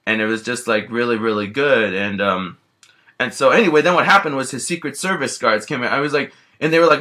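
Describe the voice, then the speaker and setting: Rambling man with a bright, tense voice. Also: medium pitch, a little fast. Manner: rambling, with lots of "you know" and restarts. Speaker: storyteller. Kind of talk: casual first-person storytelling as a bear character.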